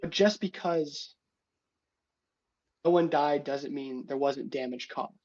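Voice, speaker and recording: A man's voice: fairly high pitch, slow, a little mellow, highs cut off. A man playing a stern female commander who lectures a team of heroes. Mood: lecturing. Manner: lecturing, exasperated. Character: stern woman commander scolding a hero team.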